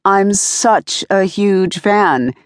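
A woman's voice: mid-range voice, expressive, no room sound, clean studio sound, pitched above the performer's own voice. A woman voicing a young female movie executive who talks in an eager, gushing way. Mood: friendly. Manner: gushing, bright, hurried.

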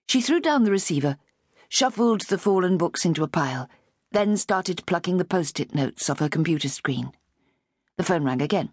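Expressive woman reading a novel. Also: on the low side, fairly quick, no echo, clean studio sound. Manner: expressive, lively. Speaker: audiobook narrator. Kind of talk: scripted audiobook narration.

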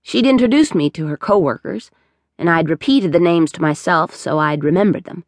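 A woman reading a first-person audiobook aloud in a slow, measured storytelling manner. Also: fairly low pitch, dry recording. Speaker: audiobook narrator.

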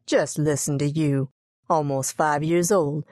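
A woman voicing a feisty, proud old cook who scolds and hushes children in a folksy way, in a storybook reading. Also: sits low, steady tone, unhurried, dry recording, studio quality. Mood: bossy.

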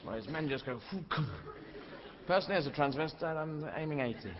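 A middle-aged man performing a rambling stand-up comedy routine on a theatre stage, switching into shouted character voices. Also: on the high side, fast talker. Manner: rambling, animated, puts on shouting old-lady voices. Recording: live hall recording, dull sound, audience noise. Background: audience laughter.

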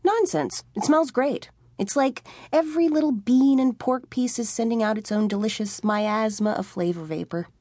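A woman voicing a nervous nineteen-year-old male vampire who complains excitably. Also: a little high, moderate pace, hardly any pauses, no room sound, clean studio sound, voice pushed up, close to an everyday voice. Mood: indignant.

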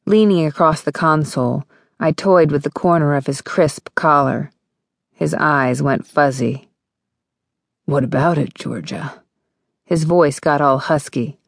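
A woman's voice: sits low, fairly even intonation, measured pace, creaky, no room sound. A woman narrating a first-person romance audiobook with wry, intimate storytelling. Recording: dry studio booth.

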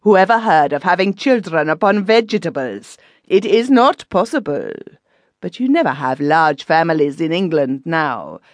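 A woman's voice: sits low, lively intonation, moderate pace, no echo. A woman doing a nosy scolding widow. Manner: scolding, preachy. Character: nosy, opinionated German widow.

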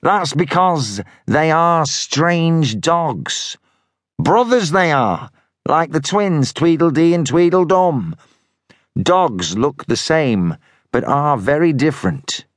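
A man's voice: fairly high pitch, expressive, slow pace, no echo, clean studio sound, voice pushed up. A man putting on a thin nasal northern rogue. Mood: wry. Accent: northern English. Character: wry stocky northern man with bulldogs.

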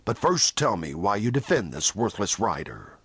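An audiobook narrator voicing a stern, curt male church elder who gives commands, with lively pitch in a dry recording. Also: normal speed, breathy edge, no echo, heavily acted.

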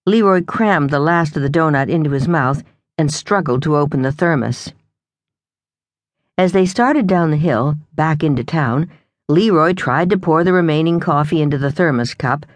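A woman's voice: low-pitched, no room sound. Woman narrating an audiobook, dry close sound. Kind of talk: scripted narration.

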